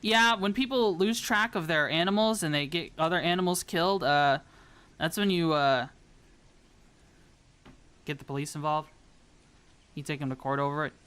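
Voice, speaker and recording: Southern woman streaming, bright sharp voice, just rambling to chat. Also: low voice, moderate pace, long pauses, clean tone. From American South. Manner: rambling, chatty, talks to viewers. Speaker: VTuber streamer. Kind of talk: casual chat while building a model kit.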